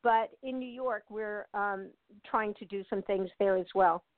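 Here a guest on a casual interview, an older American woman who acts, speaks at a measured pace in a medium pitch. The recording is a dry, tinny phone line; she keeps chatting, laughing frequently and stumbling through fillers and restarts.

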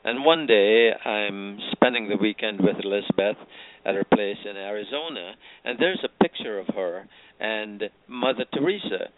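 An older man from Guyana chats as a guest, telling gently humorous anecdotes. His voice is fairly low and sounds dry and close. It comes through a narrow, phone-like line. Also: moderate pace, no echo. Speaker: guest author. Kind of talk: casual chat.

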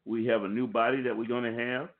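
A man's voice: mid-range voice, level tone, fast talker. A man preaching a sermon to listeners on a conference call, warning them in an earnest, repetitive way and restarting phrases as he goes. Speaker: pastor. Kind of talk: sermon over a phone line. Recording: tinny phone line.

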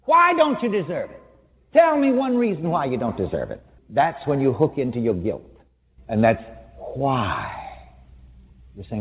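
A man preaches a sermon in an emphatic, wry and teasing way, his fairly high voice swinging widely in pitch. The recording sounds thin and phone-like, and a long reverb trails his voice around a big hall. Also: sing-song, moderate pace. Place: large hall with an audience.

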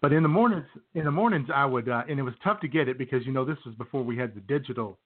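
A man's voice: medium pitch, very fast. A man co-hosting a radio talk show, telling stories casually with many fillers. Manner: rambling storyteller with many fillers. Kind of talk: casual chat. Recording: tinny phone-like sound.

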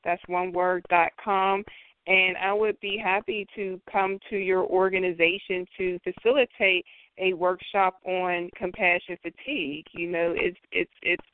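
Earnest lower-voiced woman guest, phone line. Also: flat delivery, unhurried, no echo. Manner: earnest, repeats herself while finding words. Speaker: social worker and guest. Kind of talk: podcast guest interview. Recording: dry phone-line sound.

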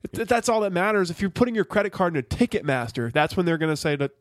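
A man's voice: high voice, lively intonation, quick pace, no echo, clean studio sound. Rambling, profane podcast co-host man. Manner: rambling and profane, full of restarts and "like". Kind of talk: casual chat.

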